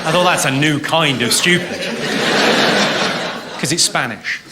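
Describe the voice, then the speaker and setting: High-voiced stand-up comedian in a hall. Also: male voice. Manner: deadpan, quick delivery with crowd work. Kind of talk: stand-up routine. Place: large theatre stage. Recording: live hall recording with crowd noise.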